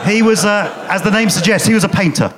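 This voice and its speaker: A man's voice: high voice, fast, background noise. A man, a guest on a live comedy podcast, telling anecdotes with dry humour on a theatre stage. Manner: animated storyteller, dry humour. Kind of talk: anecdotal chat.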